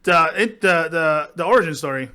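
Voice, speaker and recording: A man co-hosting a podcast, chatting about a movie with eager, emphatic points and lots of quick agreement. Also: a little high, expressive, sharp tone, clean tone. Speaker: podcast co-host. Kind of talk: casual movie chat.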